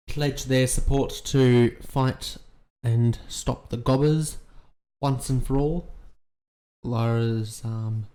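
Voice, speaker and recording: A man's voice: mid-range voice, warm tone. A man giving casual, rambling reaction commentary on a TV episode, swearing a lot and talking bluntly. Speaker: YouTube reaction host.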